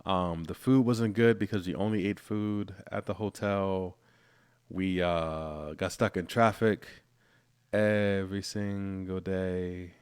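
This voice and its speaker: A man's voice: low-pitched, steady tone, takes it slowly, clear, resonant tone, dry recording, studio quality. A man co-hosting a movie podcast in casual chat, laid-back and laughing often. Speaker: podcast co-host.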